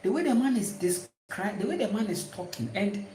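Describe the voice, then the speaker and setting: A woman's voice: mid-range voice, expressive, normal speed, dark tone, a little hiss or hum. A woman with a Ghanaian accent giving a casual spiritual talk, emphatic, often repeating and restarting her words. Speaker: spiritual teacher. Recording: roomy echo.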